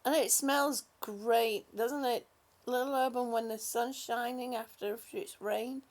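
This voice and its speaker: A woman hosts a relaxed livestream and reads viewers' comments aloud. Her voice sits high and her pace is unhurried. She talks affectionately and calls people honey and sweetie. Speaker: livestream host. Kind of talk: casual livestream chat reading viewer comments.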